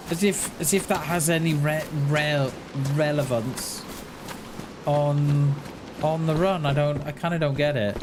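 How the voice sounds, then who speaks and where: Rambling man in his forties, noisy audio. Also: a little high. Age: 40s. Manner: rambling, halting, with frequent restarts and repeated words; talks back to chat in a friendly, reassuring way. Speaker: gaming livestreamer. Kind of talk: casual livestream chat while playing. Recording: noisy home stream recording.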